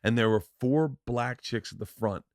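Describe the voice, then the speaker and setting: A man's voice: moderate pace, no room sound. Guy hosting a podcast, rambling stories, dry close sound, medium voice. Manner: animated, jumps into loud high-pitched impressions when quoting. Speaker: podcast host. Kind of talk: casual storytelling chat.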